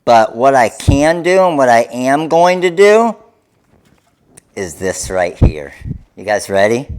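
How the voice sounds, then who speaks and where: Slow-talking upbeat man demonstrating crafts. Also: mid-range voice, sing-song, a little mellow, smooth. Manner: upbeat, talks viewers through each step. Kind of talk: live craft tutorial.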